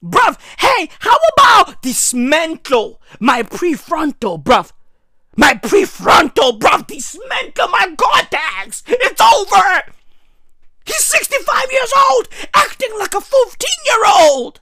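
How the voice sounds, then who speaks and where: A woman doing a loud, crude comic rant, shouting often and stretching her words for effect. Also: extremely high pitch, sing-song, slow. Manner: loud, exaggerated, crude ranting with frequent shouts.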